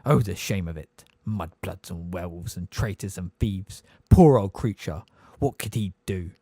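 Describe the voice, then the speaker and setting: A man voicing a hunched, spiteful old male house elf with a hoarse, deep voice, muttering resentfully under his breath. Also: normal speed, mellow, dry recording, clean studio sound. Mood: muttering, bitter.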